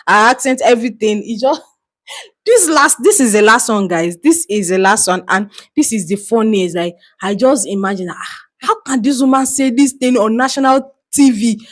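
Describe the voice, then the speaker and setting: A woman vlogger commenting on a clip in an animated way. She laughs often and exclaims as she talks. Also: on the high side. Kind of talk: reaction video commentary.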